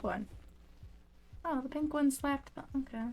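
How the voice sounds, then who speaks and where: A woman's voice: high-pitched, measured pace, long pauses. A young woman casually commenting while playing a video game, often startled into squeals and apologizing to the creatures on screen. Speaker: gamer. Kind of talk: casual let's-play commentary.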